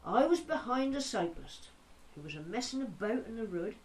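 Woman doing a folksy old Norfolk countrywoman, broad dialect, higher and livelier than her own voice, distant mic. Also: very animated, moderate pace, a little mellow. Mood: jolly yarning. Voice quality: broad rustic dialect, jokey storyteller. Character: chatty old Norfolk countrywoman, Mother Miller.

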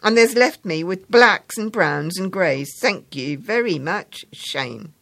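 A woman's voice: mid-range voice, animated, normal speed, dry recording, voice pushed up, close to an everyday voice. A woman voicing a scruffy, toothless schoolboy who talks in clipped, indignant dialect while sewing hard. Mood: grumpy.

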